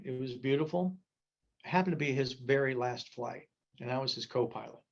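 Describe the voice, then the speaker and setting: An older man in his seventies gives a safety talk, moving between rules and folksy, joking stories. His voice sits at a middle pitch, and the recording sounds dull and lo-fi. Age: 70s. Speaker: gliding safety speaker.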